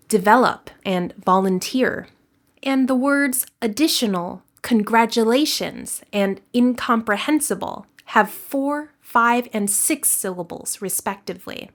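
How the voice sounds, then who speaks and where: A woman narrates a scripted English lesson at an unhurried pace. She explains each point carefully and slows down further to model example words, keeping a middle-pitched, even teaching voice. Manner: clear, deliberate explanations with slow example words.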